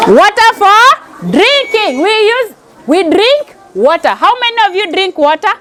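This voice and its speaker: A woman's voice: extremely high pitch, very animated, a little slow, fairly bright tone, a faint crowd. A woman with a Kenyan accent teaching a pre-primary class, calling out questions and having the children repeat answers. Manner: call-and-response, mixes in Swahili phrases.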